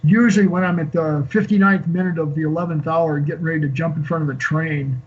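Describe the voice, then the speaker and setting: A man in his sixties, a guest on an interview show, telling an emotional personal story in a halting way with many fillers and restarts. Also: on the high side, fairly even intonation. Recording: dull lo-fi call audio.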